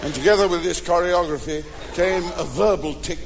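Raconteur telling an anecdote. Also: male voice, on the high side, brisk, big-room sound, a little hiss or hum, low-quality recording. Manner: storytelling with mimicry. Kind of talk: anecdote before a live audience. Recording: archive live recording with crowd.

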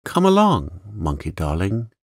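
A man voicing a kind, imaginative young girl who talks in a soft, coaxing, crooning way. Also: fairly low pitch, sing-song, slow pace, gravelly, no room sound, studio quality, pitched above the performer's own voice, heavily acted. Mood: joyful, coaxing.

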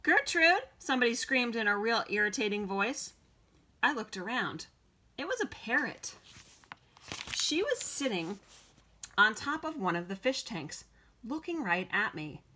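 Bright-voiced woman reading a story aloud. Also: fairly high pitch, expressive, measured pace, pauses often. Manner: clear, storytelling read-aloud. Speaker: audiobook reader. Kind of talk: first-person audiobook narration.

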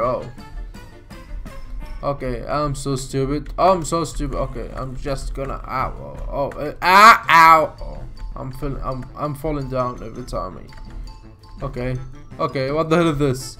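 A man's voice: fairly high pitch, animated, slow, a bit bright, faint music behind. A man hosting a gaming video, reading the story text aloud and then reacting with frequent exclamations, yelps and nervous laughs. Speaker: gaming channel host.

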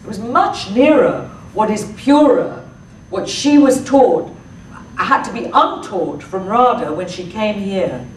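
A woman, an actress talking through her thoughts in a public talk, halting often with fillers and restarts. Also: mid-range voice, expressive, slight background noise. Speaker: actress answering audience questions. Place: public library talk room. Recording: echoey room from far off.

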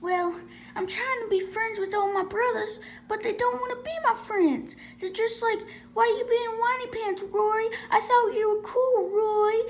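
Woman doing a whiny little turtle boy, very high. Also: fairly even intonation, a little slow, a little hiss or hum. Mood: sulky. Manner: whiny, self-pitying. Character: sad boastful young male turtle-like creature. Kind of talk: plush toy skit.

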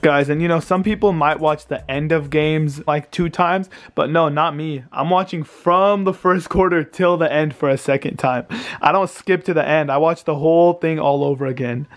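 A man's voice: on the high side, fairly even intonation, moderate pace. A man in his twenties venting in an exasperated, self-pitying rant about his team losing, filmed at home late at night. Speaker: vlogger. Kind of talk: venting sports reaction vlog.

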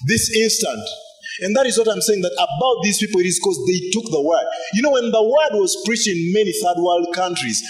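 A man's voice: sits high, echoey room. A male pastor, preaching emphatically and asking the congregation rhetorical questions. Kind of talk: sermon.

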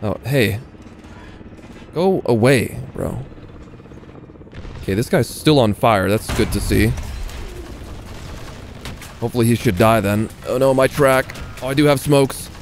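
A gaming video creator with a medium-pitched voice gives casual commentary as he plays, muttering half to himself and half to viewers. He swears in his asides to the audience, and there's slight background noise.

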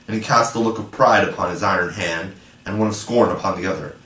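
A man's voice: deep voice, fast talker, fairly bright tone. A man reading a classic children's novel aloud as an audiobook narrator. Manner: storytelling reading. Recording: echoey room, from far off.

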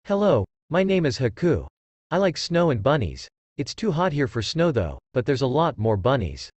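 A man reading aloud and voicing a shy, sweet young girl ninja who speaks gently and politely. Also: mid-range voice, very animated, normal speed, no echo. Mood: gentle.

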